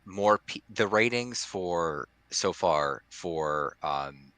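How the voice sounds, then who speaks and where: A man's voice: low voice, expressive, drawn-out words, a bit bright, clean tone, dry recording. A man co-hosting a podcast in casual chat, rambling with many restarts and fillers. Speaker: podcast co-host.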